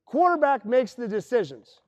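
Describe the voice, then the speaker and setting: A man with a very high voice, speaking at a moderate pace, coaches basketball plays in an indoor gym. He's energetic, calling out plays and playing the parts of his players, and the recording has no room sound.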